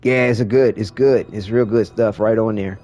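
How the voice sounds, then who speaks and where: A man's voice: on the low side, steady tone, normal speed, dark tone. A man streaming a game, chatting casually with viewers in a rambling way, full of restarts and fillers. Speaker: livestreamer. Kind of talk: casual chat while gaming.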